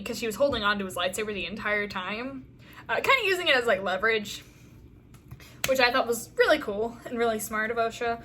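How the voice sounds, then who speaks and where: A woman's voice: on the high side, animated, fairly quick, bright, forceful tone, slight background noise. A woman reviewing a TV episode in a casual chat, enthusiastic and rambling, with lots of "um" and "like". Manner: enthusiastic, rambling, heavy use of fillers. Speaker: fan video reviewer.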